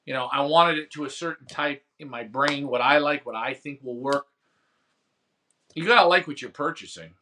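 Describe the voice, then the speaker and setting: Here the pigeon racing host has a mid-range, sharp-toned voice and talks at a normal speed. He answers viewers' comments in relaxed live-stream chat while telling a meandering auction tale, playing out the phone bids himself.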